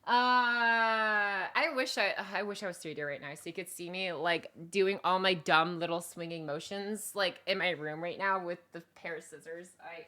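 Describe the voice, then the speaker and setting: A bright, clear-toned woman chatting on a live stream, giggly and self-conscious. She rambles with lots of fillers and restarts, her voice sounding a little strained. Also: fairly low pitch, moderate pace, few pauses. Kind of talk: casual live-stream chat.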